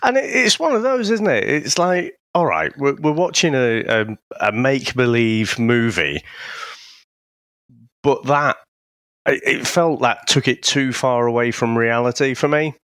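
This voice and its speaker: A man's voice: mid-range voice, expressive, unhurried, fairly bright tone, smooth, dry recording, studio quality. A man from England co-hosting a podcast, chatting casually, swearing freely and laughing often. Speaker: podcast co-host. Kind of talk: casual chat.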